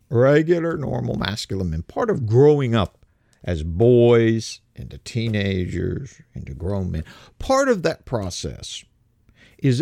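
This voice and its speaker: An American man, a political commentator, gives casual commentary in a gravelly, darkish voice whose pitch swings up and down. He halts often, repeating words and restarting phrases before pushing on. The recording is dry and close, with no room echo.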